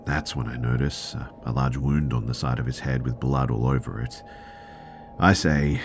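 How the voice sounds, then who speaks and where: Very deep-voiced male story narrator. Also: flat delivery, normal speed, darkish tone, a little hiss or hum. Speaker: podcast narrator. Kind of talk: scripted narration of a listener's true scary story.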